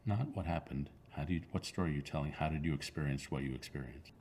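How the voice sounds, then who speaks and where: A man in his sixties, an author answering interview questions in a reflective, halting way with many fillers and restarts. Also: a bass voice, a little mellow, a little hiss or hum.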